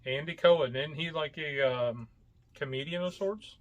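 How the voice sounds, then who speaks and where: Heard through a muffled recording, this man has a fairly high voice and talks at normal speed. Co-hosting a casual podcast, he coughs from hot coffee while rambling and groping for words, filling gaps with ums and uhs.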